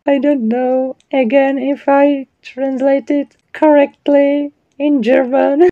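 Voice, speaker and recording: High-voiced, amused woman sounding out words. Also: steady tone, takes it slowly, dark tone. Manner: amused, giggly, apologetic about pronunciation. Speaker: channel host. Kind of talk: casual word pronunciation vlog. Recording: dull lo-fi recording.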